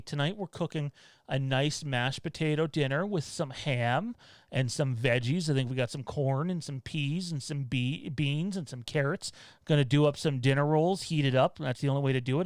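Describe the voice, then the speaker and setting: A male host talks off the cuff on a home livestream, blunt and rambling, with bursts of swearing. His voice is smooth and fairly high for a man. The sound is dry and close. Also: normal speed, no echo. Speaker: show host. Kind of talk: casual livestream chat.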